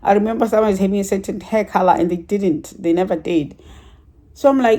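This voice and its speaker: Mellow-voiced woman telling a testimony. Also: mid-range voice, fairly quick. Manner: chatty and rambling, with frequent laughs and some emotion. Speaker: church member giving a testimony. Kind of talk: casual spoken testimony story.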